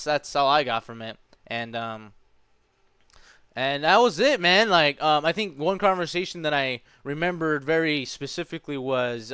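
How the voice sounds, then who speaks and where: A man's voice: mid-range voice, sharp tone, clear, resonant tone, no echo, clean studio sound. A man in his twenties telling a story in a casual vlog, rambling along with lots of fillers and calling the listener dude and man. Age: 20s. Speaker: vlogger.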